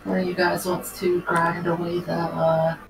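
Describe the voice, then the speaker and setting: Woman, slow and gravelly, far off the mic in an echoey room, noisy. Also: lowish voice, completely flat delivery. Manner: brief, laid-back replies. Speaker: co-player. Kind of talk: casual chat while playing a game. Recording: distant mic, echoey room, clear noise.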